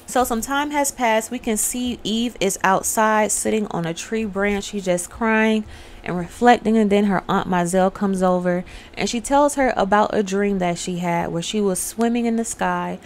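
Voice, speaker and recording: A woman's voice: mid-range voice, normal speed, a little hiss or hum. A young adult woman hosting her own channel, casually recapping a film in a chatty, storytelling way, talking straight to her viewers. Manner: acts out characters' lines. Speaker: online host recapping a film. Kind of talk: casual spoken movie recap.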